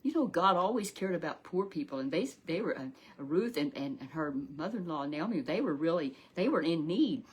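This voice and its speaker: A woman's voice: fairly low pitch, expressive, a little fast, hardly any pauses, breathy edge. A woman telling a Sunday Bible story to a puppet, rambling and repeating herself with many restarts.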